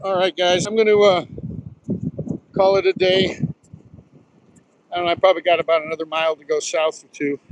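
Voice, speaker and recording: A man in his sixties from Southern New Jersey talks in a rambling, storytelling way, dropping casual swears along the way. His voice sits fairly high for a man. He is live streaming on a phone as he walks along a beach. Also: little pitch movement, brisk, pauses often, slight background noise, rough recording. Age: 60s. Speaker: live streamer, retired Marine pilot. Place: outdoors on a beach, walking. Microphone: phone held while walking.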